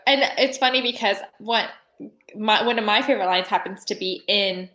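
A woman's voice: mid-range voice, normal speed, pushed and bright. Giggly woman in an echoey room. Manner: says "like" a lot, giggly. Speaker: podcast co-host. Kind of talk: casual chat.

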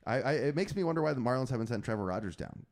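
A man co-hosting a casual sports podcast, animated and teasing, laughing often. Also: medium pitch, very fast. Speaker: podcast co-host.

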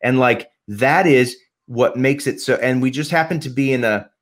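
On a casual podcast, a guest with a mid-range voice rambles passionately about music at normal speed, cursing freely and starting sentences over.

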